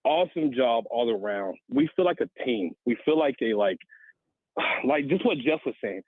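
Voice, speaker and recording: A man's voice: mid-range voice, animated, moderate pace, no echo. A young man in his twenties calling a sports radio show, talking with upbeat enthusiasm over a phone line. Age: 20s. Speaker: caller.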